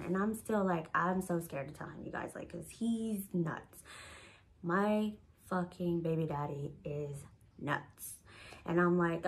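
A woman telling a personal story to her viewers in a casual, animated way, swearing freely and filling her talk with "like". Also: on the low side, unhurried. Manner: animated, profane, heavy use of "like". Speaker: storytime vlogger.

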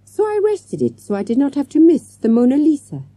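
A woman's voice: sits high, huge pitch swings, brisk, dark tone, dry recording, voice pushed up. Woman reading a menacing foreign villainess. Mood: cool denial. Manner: stilted foreign word order, mock-polite threats. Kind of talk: audiobook character voice.

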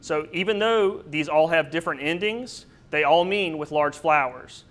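A man delivers a slide-based botany lecture in a fairly high, bright voice. He explains step by step, with occasional fillers and little asides to his audience. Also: moderate pace. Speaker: presenter.

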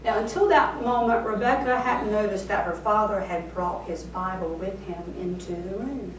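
A woman pastor preaching a sermon in a slow, deliberate way, posing rhetorical questions. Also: medium pitch, a little hiss or hum. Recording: roomy sound, voice from far off.

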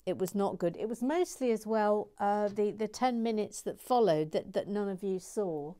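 A woman's voice: mid-range voice, moderate pace, warm tone. A woman hosting a building stream, chatting casually and with self-mockery as she reads viewer comments, often dropping to a whisper while she concentrates.

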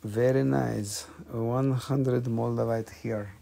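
A man's voice: mid-range voice, fairly even intonation, takes it slowly, vocal fry, warm tone. A man hosting a live stream where he sells minerals, with joking, chatty patter that coaxes viewers to comment.

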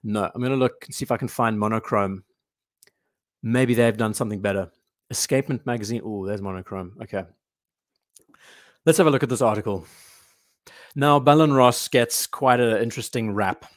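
A man's voice: fairly low pitch, normal speed, long pauses, dry recording. Chatty male host, dry close sound. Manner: chatty, thinks aloud, reads chat comments. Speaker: watch channel host. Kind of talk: casual livestream commentary.

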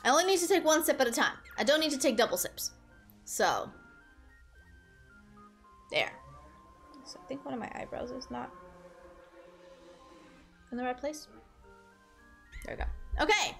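Animated high-voiced woman streamer. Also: unhurried, long pauses, soft background music. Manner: animated, talks to chat and reads game lines aloud. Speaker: gaming streamer. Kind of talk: casual gameplay commentary.

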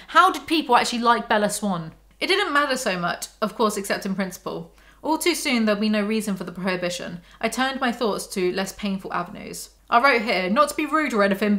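Woman reading a book out loud and ranting about it, snarky, bright clear voice. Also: mid-range voice, animated, quick pace. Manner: sarcastic, exasperated commentary. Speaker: book reviewer. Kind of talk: reading aloud and commenting on a novel.

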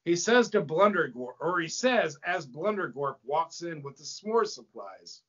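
A man co-hosting a podcast, narrating a comedy horror script in an animated storytelling manner. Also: a little high, measured pace, breathy edge. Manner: animated storytelling, breaks into laughter. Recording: dull lo-fi podcast audio.

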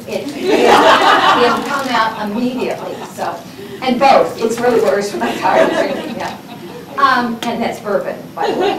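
A Texas-raised woman in her sixties, a college instructor who gives an informal, rambling public lecture and talks straight to her audience. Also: a little high. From Texas, USA. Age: 60s. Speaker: college instructor giving a talk. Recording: echoey room, distant mic, background noise.

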